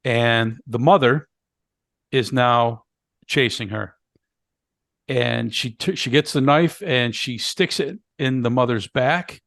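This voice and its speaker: A man's voice: mid-range voice, slow, vocal fry, fairly bright tone, no room sound. Guy on a podcast walking through a movie plot, mid voice, dry close sound, lots of uhs. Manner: retells plot step by step with fillers. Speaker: podcast co-host. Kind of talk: casual movie review chat.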